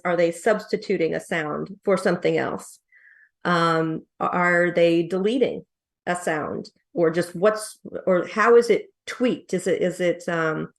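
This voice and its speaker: A woman, a coach giving a casual lesson, explaining step by step with rhetorical questions and fillers. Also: on the low side. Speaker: accent coach teaching presenters.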